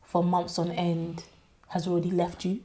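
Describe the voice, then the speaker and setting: A woman, telling a painful personal story as a podcast co-host, candid and quick to laugh. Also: lowish voice, monotone, dark tone. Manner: emotional, confessional, quick to laugh.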